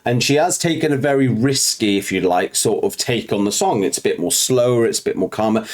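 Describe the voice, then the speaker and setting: A man's voice: medium pitch, brisk. A man co-hosting a music reaction video, talking in a thoughtful, rambling way with lots of fillers. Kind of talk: casual reaction chat.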